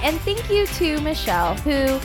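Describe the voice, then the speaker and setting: Woman podcast co-host, high voice, giggly, animated. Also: a little slow, music in the background. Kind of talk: casual chat.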